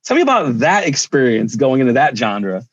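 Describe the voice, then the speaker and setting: Male interview host, upbeat and talkative, mid-pitched voice, slightly dull dry recording. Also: huge pitch swings, moderate pace, no echo. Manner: upbeat, chatty, rambling questions. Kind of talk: casual interview.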